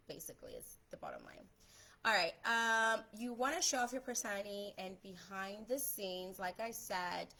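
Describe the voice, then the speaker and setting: A young adult woman talking fast and chattily in a casual live stream, giving social media tips as a photographer. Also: medium pitch, fairly bright tone, rough recording. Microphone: phone or webcam on a live stream.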